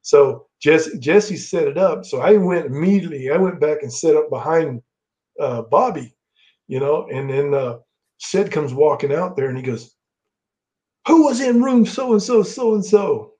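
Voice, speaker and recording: A man's voice: a little high, normal speed, darkish tone. A middle-aged man, a guest on the show, telling anecdotes in a loose, rambling way full of restarts. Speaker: guest, former wrestler. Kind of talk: casual storytelling. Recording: dull lo-fi sound.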